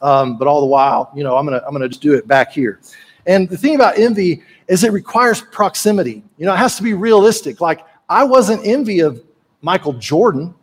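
A man delivers a sermon with a high, light voice. He preaches in a relaxed, folksy way, slipping into jokes and asides like he's chatting with the congregation. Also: a little fast, husky. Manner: folksy, conversational preaching with joke-telling asides. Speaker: pastor.

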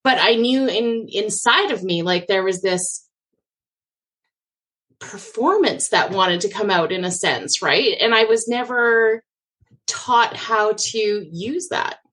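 A woman's voice: medium pitch, slow pace, a bit bright. A woman co-hosting a podcast in casual chat, earnest and self-reflective. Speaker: podcast co-host.

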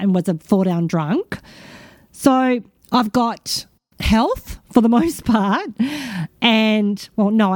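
A woman's voice: medium pitch, darkish tone, no echo. A middle-aged woman talks straight to her listeners in a casual motivational monologue. She swears freely and hammers her points by repeating them. Her voice sits mid-range and sounds dry and close. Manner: frank, swears freely, repeats herself for emphasis. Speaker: podcast host.

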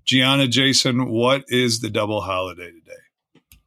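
Man, podcast co-host, teasing chatty manner, bright tone, dry close sound. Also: mid-range voice, measured pace, no room sound. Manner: teasing, chatty, talks through sports trivia. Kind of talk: casual podcast chat.

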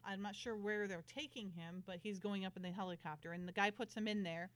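A woman co-hosting a podcast, recapping a TV episode in casual chat, acting out characters' lines in high voices and laughing often. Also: a little fast, dry recording. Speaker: podcast co-host.

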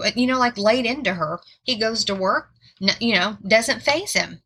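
Earnest husky-voiced woman preaching. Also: medium pitch, animated, normal speed, few pauses, bright, forceful tone. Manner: earnest, repeats words for emphasis. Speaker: Bible teacher. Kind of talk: informal sermon.

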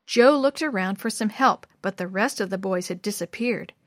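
A woman narrating a storybook in a measured, expressive way. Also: medium pitch, no echo, studio quality. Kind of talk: storybook reading.

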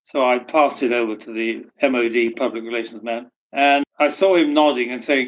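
A man's voice: mid-range voice, fairly even intonation, normal speed, hardly any pauses, a bit bright, rough recording. Older Englishman with dry humor. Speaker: interviewee. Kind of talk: storytelling anecdotes.

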